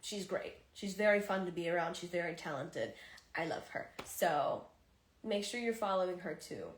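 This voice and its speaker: A woman's voice: on the low side, expressive, moderate pace. A woman hosting a casual livestream chat with fans, emotional and tearful, sighing often and speaking candidly into a phone. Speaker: livestream host talking to fans. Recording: roomy echo.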